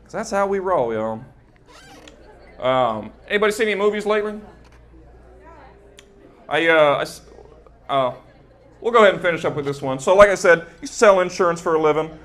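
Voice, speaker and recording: A man's voice: a little high, lively intonation, normal speed, long pauses, fairly bright tone. A young man performing a stand-up set on a club stage into a handheld mic, chatty and working the crowd with frequent "right?". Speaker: stand-up comedian.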